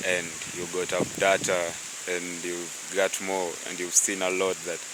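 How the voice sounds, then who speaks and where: A man hosting, giving earnest, rambling closing remarks to viewers. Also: low-pitched. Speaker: host. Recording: hissy recording.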